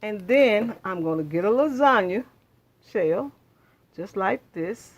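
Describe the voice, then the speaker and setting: Speaking slowly and expressively at a medium pitch, a woman cooks in her home kitchen for her own channel. She chats to viewers throughout this casual demonstration, repeating her praise as she goes.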